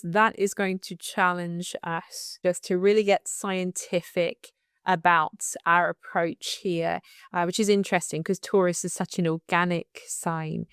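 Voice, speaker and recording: A woman astrologer with a slight lisp, giving a calm and unhurried monthly forecast. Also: lowish voice, clean tone, no echo, studio quality. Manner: calm and unhurried, laughs at tricky numbers.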